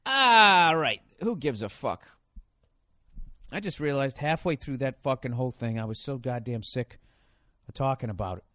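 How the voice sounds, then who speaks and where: A man's voice: medium pitch, expressive, normal speed, pushed and bright, dry recording, clean studio sound. A man hosting a solo podcast, rambling in a sarcastic, profanity-heavy rant. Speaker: podcast host.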